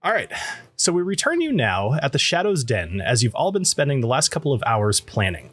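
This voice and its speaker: A man's voice: medium pitch, wildly swooping pitch, a little fast, a bit bright, breathy edge. A man narrating as game master in a casual, laughing way, with lots of fillers, on a home microphone.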